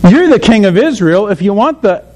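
A preacher voicing a scheming, bossy queen, scornful and commanding, with his voice raised in pitch. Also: very animated, fairly quick, a little mellow.

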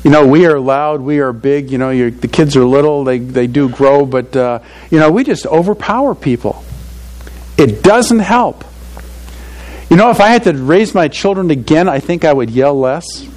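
A man's voice: on the high side, animated, moderate pace, a little mellow, poor audio. An older man preaching a sermon to fathers in a conversational, earnest way, often saying "you know" and chuckling at his own stories. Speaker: pastor.

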